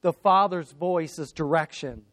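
A man's voice: fairly high pitch, measured pace, a bit bright, no echo. A man preaching a sermon, building through emphatic repeated phrases. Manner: preaching with rising emphatic repetition. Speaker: pastor.

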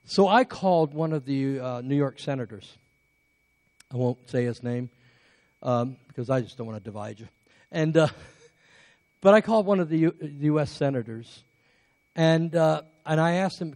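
A man's voice: on the high side, lively intonation, moderate pace, a little mellow, no echo. A man from England preaching a sermon as a pastor, telling a story with many restarts and building up to emphatic calls to persevere.

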